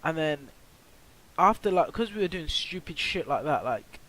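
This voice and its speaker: A man's voice: on the high side, very animated, normal speed, pushed and bright, rough recording. A teenage boy tells a storytime vlog in a rambling way, full of fillers and swearing. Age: teens. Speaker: vlogger.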